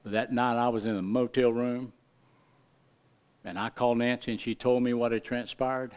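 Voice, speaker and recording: A middle-aged male pastor preaching a sermon with impassioned emphasis, his delivery swinging between loud, rising lines and hushed, quiet ones. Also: mid-range voice, flat delivery, normal speed, clear, resonant tone.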